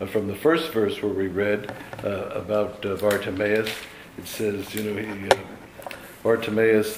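A man with a somewhat low voice teaching scripture in a relaxed, talky manner, full of "you know" asides. He sounds recorded in a reverberant room, with a faint hum of ambience behind him. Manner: conversational, loose, frequent "you know" asides. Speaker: Bible teacher. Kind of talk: informal Bible study teaching.

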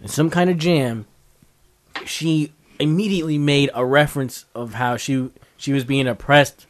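A man's voice: medium pitch, measured pace. Rambling, laughing male podcast host. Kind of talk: casual podcast banter.

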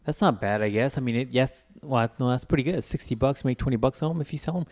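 A man's voice: mid-range voice, quick pace, a little mellow. A man in casual chat as co-host, laid-back and slangy, laughing often.

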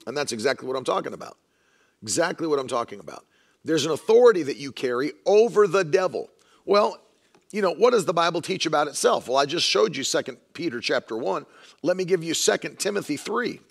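A man's voice: fairly high pitch, expressive, a little fast, vocal fry. A man preaching a sermon in an emphatic way, repeating lines for stress and mocking the views he argues against.

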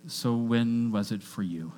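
Energetic preacher man over a faint hum. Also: medium pitch, measured pace. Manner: energetic, with call-and-response to the congregation. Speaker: pastor. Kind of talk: sermon.

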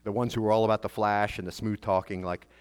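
A pastor with a lowish male voice delivers a sermon in an unpolished, talky way. He fires off rhetorical questions at his congregation and trips over his own restarts as he goes. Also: flat delivery, fast talker, smooth. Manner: preaches in a conversational way, with many restarts and rhetorical questions.

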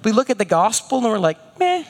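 A man preaching a sermon as pastor, animated and storytelling, with rhetorical questions. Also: sits high, a little fast, vocal fry, long reverb tail.

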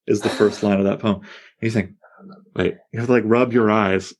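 A man's voice: lowish voice, steady tone, fairly quick. A man leading a poetry seminar, reading lines aloud with relish and tapping out the meter as he explains it. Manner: reads verse aloud with relish, taps out meter. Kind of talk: seminar discussion.

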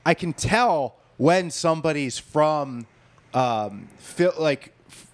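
A man's voice: a little high, expressive, slow, no echo. A man chatting casually on a podcast, joking and swearing, from Pennsylvania. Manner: profane, joking, does voices mid-story. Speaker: podcast co-host. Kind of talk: casual chat.

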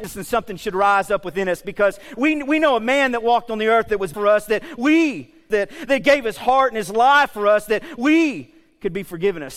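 A male pastor preaching a sermon in a lively, conversational way, with joking asides and frequent checks like "okay?". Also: sits high, big-room sound.

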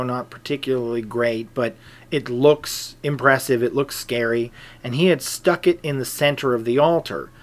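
A middle-aged man calmly telling a personal story in a measured, conversational way, dropping into soft asides. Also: medium pitch. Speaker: pagan group leader telling a personal story. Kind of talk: casual spoken anecdote.

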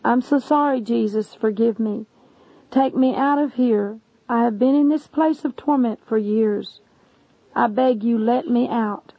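A woman's voice: fairly high pitch, unhurried, warm tone, no room sound. A woman voicing a tormented man in hell, pleading and sobbing for mercy. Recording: dull lo-fi recording.

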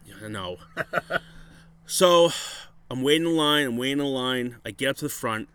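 A man telling a bar story in casual chat, profane and animated, acting out what people said. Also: mid-range voice, moderate pace, clear, resonant tone, no room sound.

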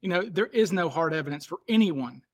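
A man with a fairly high voice hosts a podcast in loose, casual conversation. He thinks aloud as he talks and often circles back to rephrase what he just said. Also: animated, a little fast. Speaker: podcast host. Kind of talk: casual chat.

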